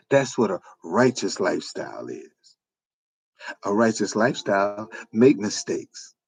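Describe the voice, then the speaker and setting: A man's voice: on the low side, gravelly, darkish tone, no echo. A man, delivering an informal preaching monologue with repetitive, emphatic phrasing. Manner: repetitive, emphatic, folksy street-preacher cadence. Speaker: online preacher.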